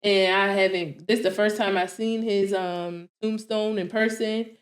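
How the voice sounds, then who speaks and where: A woman in her thirties co-hosting a casual podcast, telling stories in an animated way, acting out her own quotes and laughing often. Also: medium pitch, a little slow, reverberant. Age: 30s. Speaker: podcast co-host.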